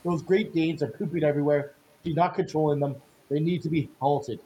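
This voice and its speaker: A man's voice: on the high side, fairly even intonation, fairly quick, dark tone, natural voice, rough recording. A man voicing a flustered young man, talking in a frantic, rambling way.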